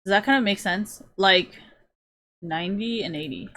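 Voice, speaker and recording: A woman's voice: medium pitch, normal speed, slight background noise. Blunt, profane young woman ranting. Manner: blunt and profane, lots of fillers; animated, acts out quoted kids and parents. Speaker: livestreamer. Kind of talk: casual ranting chat.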